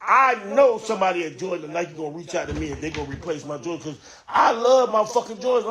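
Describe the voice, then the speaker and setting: A man's voice: high voice, animated, quick pace, few pauses, a crowd in the background. A man from Miami ranting and pleading on a livestream about his sneaker collection, exasperated, profane and repetitive. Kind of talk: emotional livestream rant.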